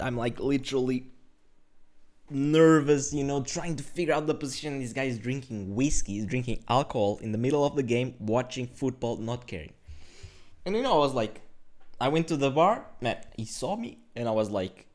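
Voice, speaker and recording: Animated young man recapping a chess game. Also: medium pitch, normal speed. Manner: animated storytelling, lots of fillers. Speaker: chess streamer. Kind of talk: casual game commentary.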